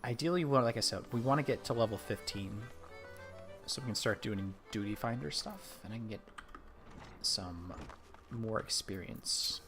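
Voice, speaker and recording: Gravelly low-voiced man streaming a game. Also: normal speed, a bit bright, soft background music. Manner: muttering to himself while playing. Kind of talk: casual gameplay commentary.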